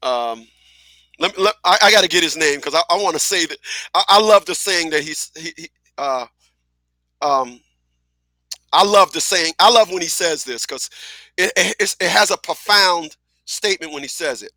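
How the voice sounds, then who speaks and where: High, bright-voiced man, blunt and emphatic. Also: lively intonation, normal speed, no room sound. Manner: blunt, emphatic, profane, repetitive. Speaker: radio host. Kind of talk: casual talk radio monologue.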